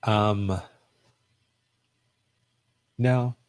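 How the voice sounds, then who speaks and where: A man's voice: on the low side, steady tone, very slow. A man playing in a tabletop game, laid-back and terse. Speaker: player.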